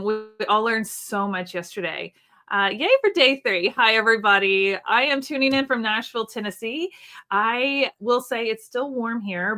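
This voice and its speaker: A woman's voice: mid-range voice, pushed and bright. A woman hosting a live online sewing event, chatting with viewers and demonstrating products with frequent ums. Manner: chatty, friendly, with frequent ums, reading chat comments aloud. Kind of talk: live-stream product demo. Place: indoors at a sewing desk in Nashville, under an air-conditioning vent.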